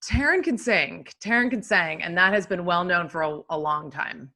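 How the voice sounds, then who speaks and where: A woman co-hosting a podcast, with a bright, forceful voice set a little low in pitch. She talks in an emphatic way and repeats her words for effect. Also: animated, normal speed. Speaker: podcast co-host. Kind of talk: casual chat.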